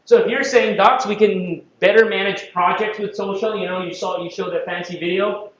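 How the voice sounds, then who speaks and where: High-voiced man lecturing in an echoey hall. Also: steady tone, moderate pace, fairly bright tone, slight background noise. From Philippines. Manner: playful, audience-engaging, acts out quotes. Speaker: conference presenter. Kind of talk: conference talk. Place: large conference room. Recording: echoey room, distant and dull mic.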